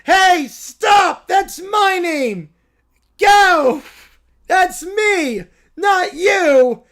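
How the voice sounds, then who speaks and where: A man voicing a jealous, whiny little bald boy who shouts and cries through a tantrum while reading a silly story aloud. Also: very high voice, expressive, very slow, pitched above the performer's own voice, exaggerated voice. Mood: indignant shouting.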